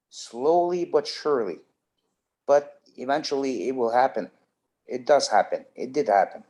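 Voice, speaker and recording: A man's voice: medium pitch, darkish tone. A man with a Canadian accent, a guest in an interview, talking earnestly about getting through a hard treatment, often restarting his words. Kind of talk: casual interview.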